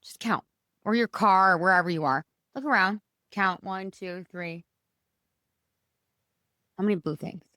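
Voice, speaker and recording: A woman's voice: measured pace, pauses often, bright, forceful tone, no echo, studio quality. A woman hosting a podcast, talking casually and with lots of energy, often addressing her listeners as "you guys". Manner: bubbly and chatty, swinging pitch, fillers like "you guys". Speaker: podcast host. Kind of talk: casual motivational podcast talk.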